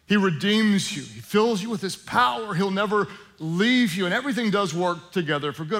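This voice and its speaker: A male pastor preaching a sermon in a conversational style with joking asides, slowing down for prayer. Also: sits high, lively intonation, fairly bright tone.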